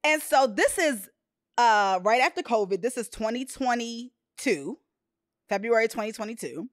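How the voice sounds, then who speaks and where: Woman hosting a chat show, bit high voice, super expressive, acts out voices, dry sound. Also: normal speed, dry recording. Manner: expressive, animated storytelling with quoted voices. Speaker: podcast host. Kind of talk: casual chat.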